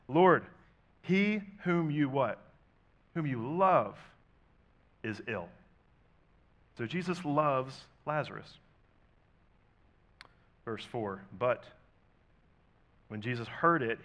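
A pastor preaching a sermon, talking conversationally with rhetorical questions and big swings between loud and soft. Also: male voice, mid-range voice.

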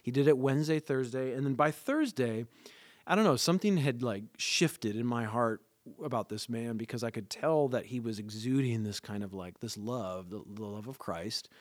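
Guy telling his testimony, earnest and animated, lots of ums, totally dry close recording. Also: mid-range voice, normal speed, dry recording. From Southern California. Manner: earnest, animated storytelling with many fillers. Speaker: guest sharing his conversion story. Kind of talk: casual conversational testimony.

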